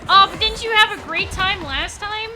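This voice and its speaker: A woman's voice: extremely high pitch, normal speed, over music. A young adult woman streaming a game live, chatting casually, swearing freely and yelping when startled. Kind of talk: casual chat while gaming live.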